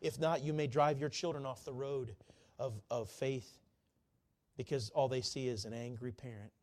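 A man preaching a sermon, fervent, who slows right down to repeat key lines and climbs to high, ringing peaks. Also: fairly even intonation.

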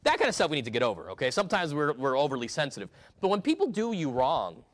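A man with a fairly high voice preaches a sermon from the pulpit. His delivery is emphatic, rising to loud, urgent stretches and then dropping to hushed, low asides. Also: huge pitch swings, fast. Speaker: pastor.

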